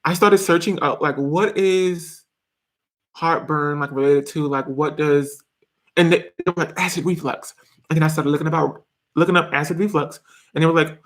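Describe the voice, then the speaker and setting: A young man in his twenties hosts a casual live stream, chatting and reading viewer comments. His voice sits a little high for a man, and he talks in a giggly, rambling, chatty way. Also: fairly even intonation, normal speed. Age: 20s.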